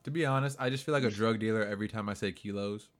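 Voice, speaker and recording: A man in his twenties in casual, profane banter with a friend, laughing often and getting loud. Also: fairly low pitch, very fast. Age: 20s. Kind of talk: casual chat.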